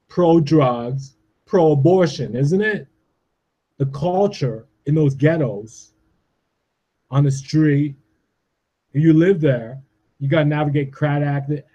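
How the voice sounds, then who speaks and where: A man's voice: a little high, dark tone, muffled recording. A man in his forties from Canada, delivering a profane, agitated rant and ending his points with "all right?". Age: 40s. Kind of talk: ranting monologue.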